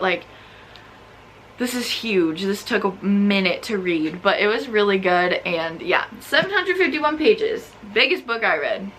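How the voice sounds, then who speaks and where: A young woman talks straight to camera about books, animated and exasperated, with "like" in almost every phrase. Her voice is bright and forward, and a faint hiss of room noise sits under it. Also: mid-range voice. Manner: animated, exasperated, filler-heavy with frequent "like". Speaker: book vlogger. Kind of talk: casual ranting book review.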